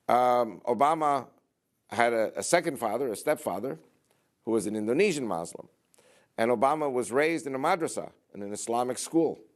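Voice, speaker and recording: Low-voiced man giving an emphatic speech. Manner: emphatic, repetitive rhetorical delivery. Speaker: public speaker. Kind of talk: political speech to a church audience.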